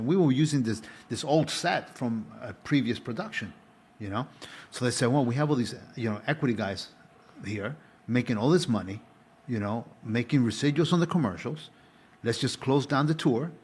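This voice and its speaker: A man's voice: mid-range voice, breathy edge. A middle-aged man, a former stage actor, talking as a guest in a rambling, casual chat. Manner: rambling, with restarts.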